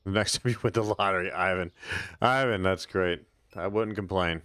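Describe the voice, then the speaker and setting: Deep-voiced man streaming a game, dry close mic. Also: moderate pace, a bit bright, no echo. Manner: chatty, talks to chat, sarcastic asides. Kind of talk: casual live gameplay commentary.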